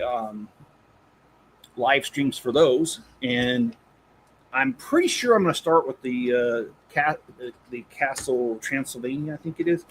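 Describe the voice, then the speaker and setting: A man in casual live-stream chat, rambling and restarting his sentences, often chuckling as he reads. His voice sits at an ordinary middle pitch. A faint hum of room ambience sits under his desk mic. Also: low-quality recording. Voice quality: rambling, self-correcting, chuckles while reading. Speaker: Lego channel host.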